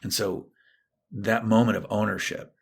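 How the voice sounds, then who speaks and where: A man's voice: on the low side, normal speed, creaky, slightly rough. A middle-aged man, a therapist and guest on a podcast, telling a personal story and acting out what people said. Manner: animated storytelling, acting out quoted lines.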